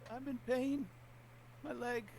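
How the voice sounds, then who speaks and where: GM voicing a wailing injured mother, very high, pleading. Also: level tone, slow pace, creaky, a little mellow, a little hiss or hum, exaggerated voice, poor audio. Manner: plaintive, crying out. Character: pleading injured mother voice, luring her son.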